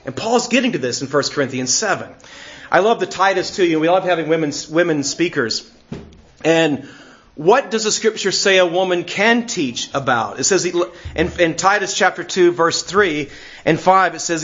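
A man's voice: high voice, expressive, normal speed, a bit bright. Earnest middle-aged man preaching, lo-fi. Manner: earnest, laughs often, repeats words when searching. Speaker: pastor. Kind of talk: sermon.

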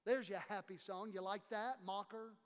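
A pastor gives a sermon with impassioned emphasis, his voice sitting very high for a man. He acts out the people he quotes, and his words ring through a long, reverberant church hall. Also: steady tone, normal speed, slight background noise.

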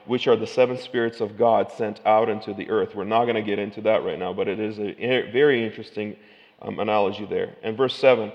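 Guy preaching a sermon, gets loud and intense reading scripture, dull muffled sound, long hall echo. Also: fairly low pitch. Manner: reads scripture with rising, emphatic intensity; conversational asides between readings.

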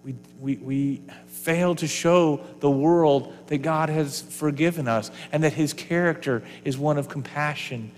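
A man's voice: fairly high pitch, measured pace, few pauses, in a large hall, slight background noise. A man preaching a sermon to his congregation, earnest and varied, sometimes falling to a near whisper. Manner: earnest, varies loudness, drops to a whisper at times. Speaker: pastor.

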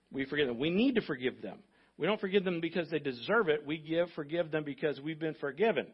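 Brief: male pastor, husky higher voice, emphatic repetitive sermon, slightly dull lo-fi church recording. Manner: emphatic, repetitive preaching with audience prompts.

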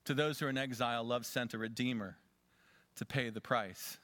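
A man preaching a sermon as a pastor, swinging between loud urging and quiet asides. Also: medium pitch, fairly even intonation, moderate pace, no echo.

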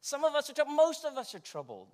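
A man preaching a sermon, energetic and leading the congregation in call-and-response. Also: very high-pitched, fast talker. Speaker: pastor.

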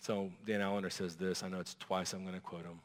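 Animated male pastor in a reverberant hall. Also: low voice, fast talker. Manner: animated, acting out quoted voices. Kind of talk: sermon. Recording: long reverb of a large hall.

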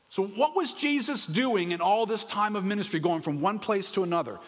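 Man, pastor, animated sermon, rhetorical questions, slightly high voice, long hall echo. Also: fairly quick, few pauses. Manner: animated, conversational preaching with emphatic rhetorical questions.

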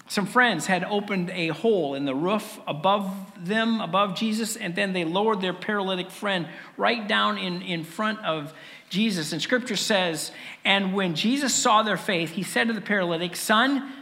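A man preaching a sermon with earnest rhetorical questions and dramatic pauses. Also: high voice, expressive, sharp tone, big-room sound. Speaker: pastor.

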